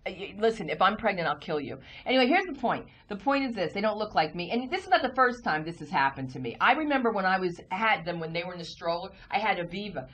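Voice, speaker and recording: A woman co-hosting a TV talk show, telling comic stories in an animated way and acting out voices. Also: medium pitch, fast talker, few pauses. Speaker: talk show co-host and comedian. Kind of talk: comic storytelling chat. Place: TV studio.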